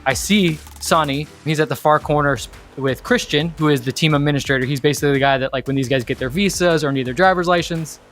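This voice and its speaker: A man co-hosting a podcast, telling a story in a lively, casual way with lots of "like" and restarts. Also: a little high, quick pace, hardly any pauses, soft background music. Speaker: podcast co-host.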